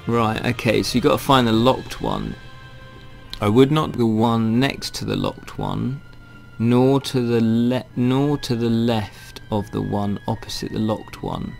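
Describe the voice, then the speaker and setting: Gravelly man reading a game aloud. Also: mid-range voice, lively intonation, a little slow, faint music behind. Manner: wry, chatty, thinks aloud. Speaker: gaming channel host.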